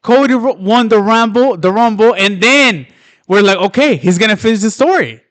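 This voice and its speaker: Theatrical man, high lively voice. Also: moderate pace, no echo. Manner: theatrical, mock-indignant. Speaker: podcast co-host. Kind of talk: casual wrestling chat.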